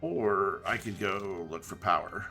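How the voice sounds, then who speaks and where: A man streaming a game, chatting casually and joking in a rambling, animated way. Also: sits low, unhurried, vocal fry, faint music behind. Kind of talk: casual chat while playing a game.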